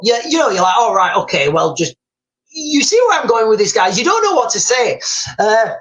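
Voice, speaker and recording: A man's voice: sits high, sing-song, a little fast, fairly bright tone, rough recording. Man, middle-aged, live stream host, chatty, rambling, lots of restarts. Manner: rambling storyteller, addresses viewers as guys, many restarts. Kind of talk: casual live stream chat.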